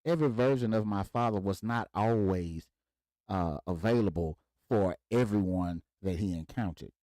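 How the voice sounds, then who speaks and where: A podcast host from Mississippi, USA, tells a story casually and animatedly, acting out the voices in the quoted dialogue. His voice is fairly low and at normal speed, in a dry recording.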